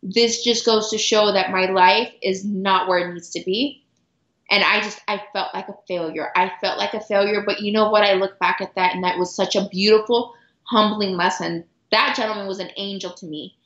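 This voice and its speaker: A middle-aged woman guest telling a personal story earnestly, with halting restarts and repeated words. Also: medium pitch, steady tone, a bit bright. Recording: roomy, dull lo-fi sound.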